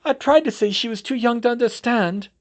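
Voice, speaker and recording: A man's voice: high-pitched, expressive, pitched above the performer's own voice. Man voicing a tearful rambling woman teacher. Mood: sobbing. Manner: rambling, halting, broken sentences. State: sobbing.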